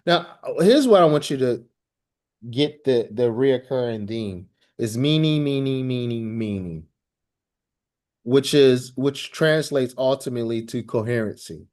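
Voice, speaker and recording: A man lecturing a language class at a middle pitch. He keeps asking the student questions, repeating himself and restarting phrases as he explains. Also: animated, a little slow, darkish tone. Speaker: teacher.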